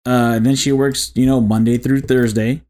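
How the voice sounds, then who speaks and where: A man's voice: mid-range voice, moderate pace. A young man co-hosting a podcast, chatting easily, saying "dude" often and dropping jokey asides. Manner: relaxed, says "dude" a lot, joking asides. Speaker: podcast co-host. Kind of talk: casual chat.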